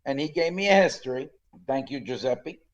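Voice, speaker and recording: A man's voice: medium pitch, lively intonation, fairly quick. A man in his sixties from Canada co-hosting a podcast, telling stories and acting out the quotes of others. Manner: storytelling, acts out quotes with a put-on accent. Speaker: podcast co-host. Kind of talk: casual chat. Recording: slightly dull lo-fi sound.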